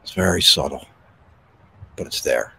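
A man hosting a podcast, guiding a slow, soothing breathing meditation outdoors. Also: extremely low pitch, gravelly, breathy edge. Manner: slow, soothing, calm delivery with pauses. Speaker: podcast host and meditation guide. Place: outdoors in a park. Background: birds.

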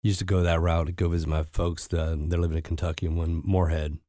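A man co-hosting a podcast, telling anecdotes in casual chat with halting restarts. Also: deep voice, little pitch movement, mellow, no room sound, studio quality.

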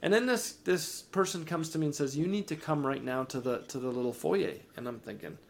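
A man, podcast co-host and ministry founder, telling a faith testimony with lively rises in energy and frequent word repeats. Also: brisk, vocal fry, few pauses. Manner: animated, rises in pitch and energy when excited; repeats words and restarts sentences. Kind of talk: storytelling testimony in an interview.

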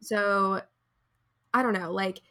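Bright-voiced chatty young woman. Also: mid-range voice, fairly even intonation, takes it slowly. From near Raleigh, North Carolina. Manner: chatty, lots of "like", laughs often. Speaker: podcast co-host. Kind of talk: casual chat.

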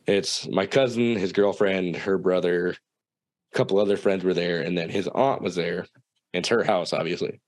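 A young man from South Dakota, a guest telling a personal story in a casual, profane, animated way, acting out the people in it. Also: sits low, normal speed, no echo.

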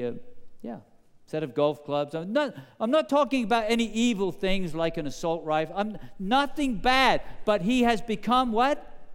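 A man preaching a sermon, posing questions to the congregation in an animated, emphatic way. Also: high-pitched, clean tone, long reverb tail. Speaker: pastor.

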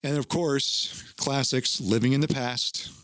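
A man's voice: mid-range voice, fairly even intonation, unhurried, a bit bright, no echo. Earnest teacherly man, dry close sound. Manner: earnest, teacherly, swears casually. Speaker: podcast host. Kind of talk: casual chat.

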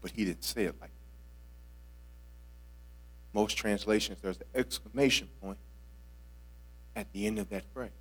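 A man preaching a sermon as a guest preacher, swinging from hushed, conversational asides to shouted lines. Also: on the low side, unhurried, pauses often, husky. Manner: casual, conversational with playful voiced asides.

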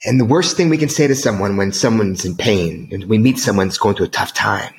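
A man's voice: lowish voice, brisk, few pauses. A middle-aged man from the United States telling a personal story as an interview guest, emotional, earnest and emphatic. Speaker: guest author.

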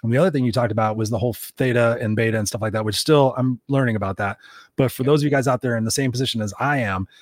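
Fast-talking man on a dry mic. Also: medium pitch, dry recording. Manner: rambling, swears, tells personal stories. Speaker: podcast co-host and coach. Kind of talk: casual podcast conversation.

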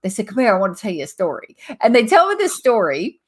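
A woman comedian chats on a podcast in a playful, teasing way and laughs often. Her pitch moves up and down in a lively way. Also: quick pace, slightly rough. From southern United States. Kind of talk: casual chat.

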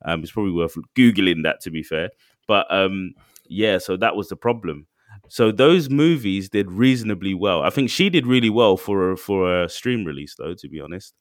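Animated low-voiced man chatting. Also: normal speed, no room sound, studio quality. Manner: animated, excitable, acts out quotes. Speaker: podcast co-host. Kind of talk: casual chat.

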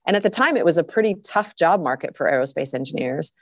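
A middle-aged woman, a guest astronaut, telling her story in an interview in a lively way, often laughing. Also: sits low, fast, no room sound, clean studio sound. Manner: animated, laughs often, acts out quotes.

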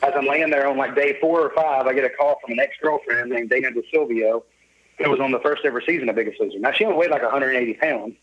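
On a muffled recording, a middle-aged podcast guest talks at a quick pace in a mid-range voice. He's jovial and upbeat while telling his life story in a casual interview, performing the lines of whoever he quotes.

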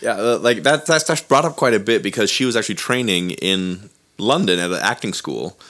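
A man's voice: lowish voice, expressive, fairly quick, a bit bright. A man chatting casually about a film as a panelist, filling his talk with "like" and "you know". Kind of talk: casual chat.

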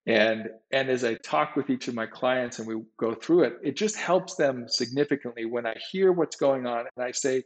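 A man's voice: mid-range voice, moderate pace, hardly any pauses, low-quality recording. A man working as an executive coach, talking reassuringly on a video call and often repeating words as he explains. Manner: reassuring, repeats words, addresses host by name. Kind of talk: conversational advice.

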